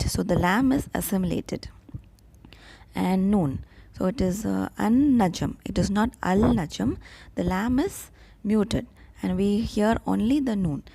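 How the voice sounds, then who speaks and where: Tutor, female, breathy, patient and repetitive, mid pitch. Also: dark tone. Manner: patient, repeats each word slowly, with fillers. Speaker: Arabic tutor. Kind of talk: step-by-step language lesson.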